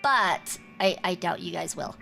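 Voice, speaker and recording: Woman streamer, bright forceful tone, casual teasing chat over soft background music. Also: fairly low pitch, animated, measured pace, creaky. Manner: chatty, teasing and self-assured.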